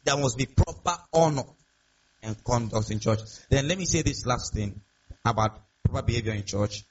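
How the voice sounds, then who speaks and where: A man's voice: medium pitch, normal speed, a little mellow, husky. A man preaching a sermon as pastor, emphatic and repetitive, often asking the congregation rhetorical questions. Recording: dull lo-fi sound.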